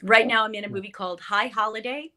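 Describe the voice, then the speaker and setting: Bright-voiced chatty woman guest. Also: medium pitch, fairly even intonation, fast talker, a little hiss or hum. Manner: chatty, many fillers and restarts. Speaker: actress guest. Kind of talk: casual interview chat.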